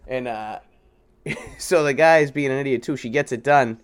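A man with a middle-range voice trades crude stories in casual podcast chat. He laughs often and gets louder when he quotes other people. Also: medium pitch, moderate pace, smooth. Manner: laughing, crude storyteller, raises his voice for quoted lines.

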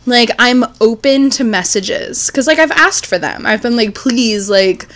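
A woman's voice: fairly high pitch, a little slow, fairly bright tone. A young woman co-hosting a podcast, reacting in casual chat and swearing freely. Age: young adult. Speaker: podcast co-host.

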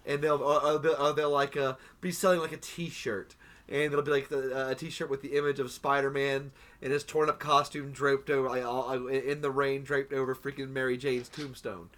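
A man on a casual podcast, ranting in profane bursts full of halting restarts. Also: medium pitch, flat delivery, a bit bright. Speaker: podcast co-host. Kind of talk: casual chat.

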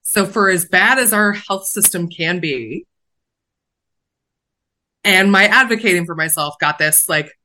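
A woman with a bright, forceful voice that sits a little low for her, telling her own story on a podcast. She is animated and self-mocking and keeps the tone conversational. Her delivery swings fast between worry and laughter. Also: low-quality recording. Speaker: podcast co-host. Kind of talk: casual chat, personal storytelling.

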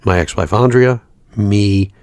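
A man's voice: on the low side, measured pace, clean tone, no echo. A man in his forties, a podcast co-host, telling a story in casual chat with lots of swearing. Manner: animated storytelling with profanity and laughs.

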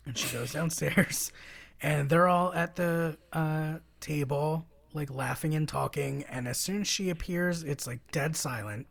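Podcast co-host, woman, gravelly husky voice, laid-back film recap. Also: deep voice, measured pace. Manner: relaxed retelling with many fillers. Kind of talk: casual film discussion.

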